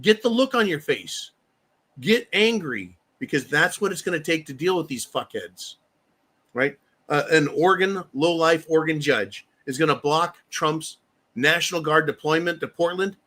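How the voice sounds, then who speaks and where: A man hosting a live stream delivers a furious political rant at a normal speed, his fairly high voice bright, animated, and forceful. Profanity flows freely, and he reads viewers' comments aloud.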